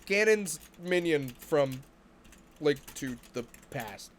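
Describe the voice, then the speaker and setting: A man's voice: on the high side, lively intonation, slow, a little hiss or hum. A man streaming, ranting about video games in a profane, exasperated way.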